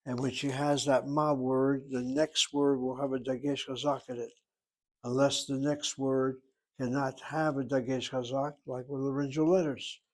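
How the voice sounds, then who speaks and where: A man teaching a Hebrew grammar lesson, sounding out words slowly and repeating them for his students. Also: medium pitch, flat delivery, poor audio.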